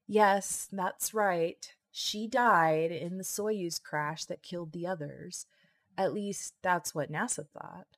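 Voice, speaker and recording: A wry, hard-drinking woman official, as a woman reads her in an audiobook. She talks dry and matter-of-fact, in a low, gravelly voice. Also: takes it slowly, fairly bright tone, dry recording, full character voice.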